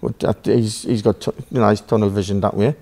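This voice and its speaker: Geordie man, guest on a podcast, gravelly voice, rambling, profane storyteller who quotes both sides of a row. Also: on the low side, fairly even intonation, a little fast, darkish tone. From Newcastle, England. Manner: rambling, swearing, acts out dialogue. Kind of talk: casual storytelling.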